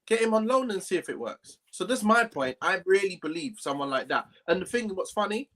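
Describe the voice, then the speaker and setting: A man's voice: high-pitched, animated, a little fast, a bit bright. A man co-hosting a casual football chat, earnest and talking in long runs. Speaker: podcast co-host.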